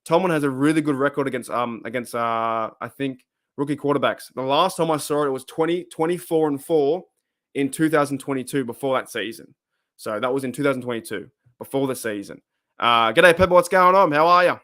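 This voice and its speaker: A man's voice: medium pitch, a little fast, fairly bright tone. A middle-aged Australian man hosting a casual live stream, chatting, rambling and laughing often as he reads viewer comments.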